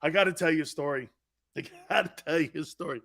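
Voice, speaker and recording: A middle-aged man hosting a sports talk show, telling stories loudly and laughing often. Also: a little high, fast talker, creaky. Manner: loud, laughing, impersonates family in quotes. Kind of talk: animated sports talk storytelling.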